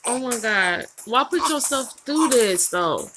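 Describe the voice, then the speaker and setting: A woman's voice: a little high, slow, slight background noise. A woman hosting a reaction video, exclaiming in disbelief and chatting to her viewers. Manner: exclaiming, animated, talking to viewers. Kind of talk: casual reaction commentary.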